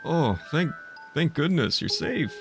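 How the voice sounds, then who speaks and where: A man's voice: fairly high pitch, sing-song, a little slow, gravelly, fairly bright tone, soft background music, pitched above the performer's own voice, full character voice. A man voicing a burly, fretful male pirate sailor in a video game, talking in a fussing way. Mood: relieved.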